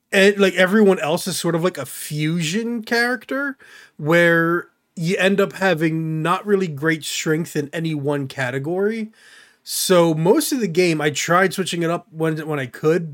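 A male podcast host chatting casually, rambling through his points with an animated, easy laugh. His voice sits a little higher than most men's. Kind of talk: casual chat.

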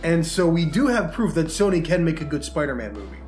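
Rambling and chatty, with plenty of fillers, a man co-hosts a podcast about movies and games. His voice is on the high side, sing-song and a little fast with a darkish tone, and the room is echoey with faint music.

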